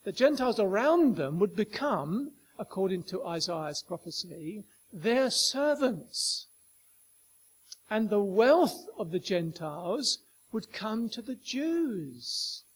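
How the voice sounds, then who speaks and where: High-voiced man preaching emphatically. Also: very animated, slow pace, a little hiss or hum. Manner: emphatic, rhetorical questions to the listeners. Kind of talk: sermon.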